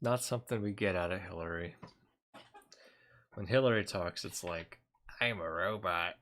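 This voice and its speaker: A man's voice: low voice, normal speed. A man streaming casual commentary, sarcastic and rambling, often breaking into laughs. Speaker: streamer reacting to a speech.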